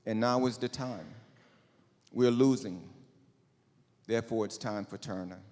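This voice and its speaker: A man's voice: on the low side, a little slow, darkish tone. A man giving a sincere, preacherly closing statement as a candidate, quoting scripture. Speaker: candidate for parish president. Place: school auditorium. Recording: reverberant auditorium with long echo.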